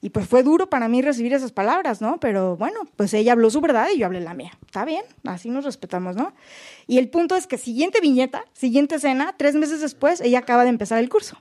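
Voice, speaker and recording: A woman's voice: high-pitched, lively intonation, racing, a little mellow. A young woman, earnestly sharing a personal story at a retreat and translating herself, with frequent restarts. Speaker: retreat participant.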